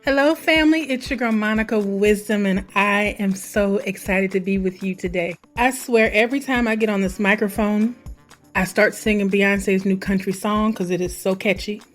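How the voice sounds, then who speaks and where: A woman's voice: medium pitch, fairly even intonation, moderate pace, soft background music. A woman from Missouri hosting her podcast in a chatty, enthusiastic, rambling way. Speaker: podcast host. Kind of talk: casual podcast monologue.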